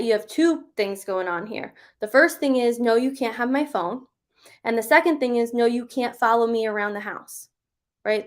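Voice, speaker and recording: A woman giving parenting advice in a live question-and-answer session, conversational and reassuring, often checking in with "right?". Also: on the high side. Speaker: parenting coach.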